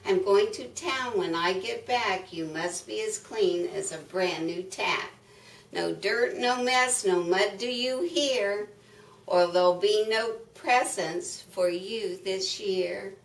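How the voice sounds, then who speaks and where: A woman voicing a bossy farm woman who scolds her animals, in a brisk tone. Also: medium pitch, vocal fry, a little hiss or hum. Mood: scolding. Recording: echoey room, mic far off.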